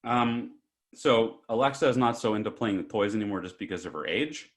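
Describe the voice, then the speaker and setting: A man's voice: fairly low pitch, brisk. A man from Canada co-hosting a casual podcast as a father, laughing often while he tells stories. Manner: laughs often, relaxed storytelling. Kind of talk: casual chat.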